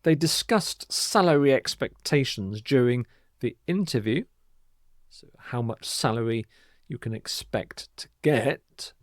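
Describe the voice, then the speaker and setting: A man teaching a vocabulary lesson at a slow, deliberate pace. He repeats each word with clear, emphatic pronunciation, and his voice sits at a medium pitch on a dry, close recording. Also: expressive, no room sound. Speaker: English teacher.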